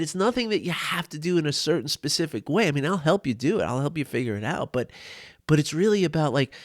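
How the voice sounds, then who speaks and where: A man's voice: a little high, dry recording, studio quality. A middle-aged man and life coach, talking through tears in a personal video to his viewers, open and emotional. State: tearful.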